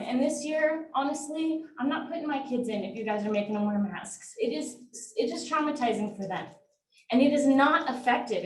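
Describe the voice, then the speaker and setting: A woman, a parent, giving an impassioned, defiant public comment at a meeting. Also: a little high. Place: large meeting hall. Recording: echoey hall, distant mic, faint noise.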